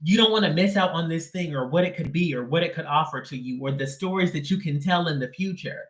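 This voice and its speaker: High-pitched guy doing a chatty tarot reading, sassy and emphatic, bit of room echo. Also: fast, fairly bright tone. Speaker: tarot reader. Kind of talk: casual live tarot reading.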